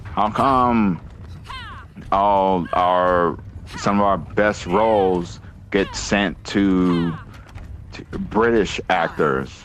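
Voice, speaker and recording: A man's voice: deep voice, very slow, a bit bright. A man from the United States ranting in a casual, profane podcast chat, incredulous and heated. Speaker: podcast host.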